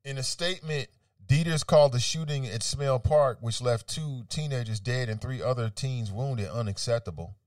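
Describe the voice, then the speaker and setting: A man hosting an opinionated talk radio segment, reading out quotes and rebutting them with animated, argumentative commentary. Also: mid-range voice, normal speed, no room sound, studio quality, distant mic.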